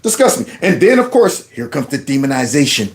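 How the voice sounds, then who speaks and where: A man's voice: mid-range voice, sing-song, brisk, background noise. A man hosting his own channel, giving opinionated commentary over clips, talking emphatically with lots of rhetorical questions and colloquial speech.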